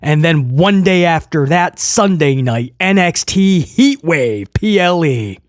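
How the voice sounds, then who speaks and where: A man hosting a wrestling news show, talking casually to viewers in an excitable, rambling way with jokey asides. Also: fairly high pitch, takes it slowly, no room sound, clean studio sound.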